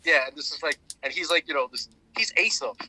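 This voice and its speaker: A man with a very bright, keen-edged voice talks in a casual podcast chat. He rambles in an animated way and restarts his sentences often. The sound is close and dry, with no room around it. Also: fairly high pitch, brisk, slightly rough, no room sound, rough recording. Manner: rambling, animated retelling with many restarts and fillers. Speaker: podcast co-host.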